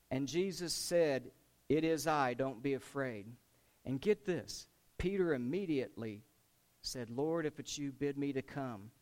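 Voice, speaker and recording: Animated male preacher telling a story. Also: medium pitch, measured pace. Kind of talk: sermon.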